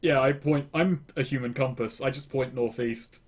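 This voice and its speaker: A man's voice: medium pitch, moderate pace, husky. Male tabletop player, casual, rambling, self-correcting.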